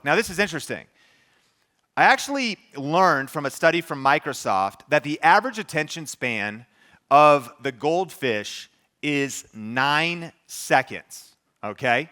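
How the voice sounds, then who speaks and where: A man speaks to a live audience with energy and emphasis, breaking off into quick asides to the crowd. His voice sits a little high and comes across bright and forceful. It is a motivational stage talk. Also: very animated. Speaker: podcast host giving a talk.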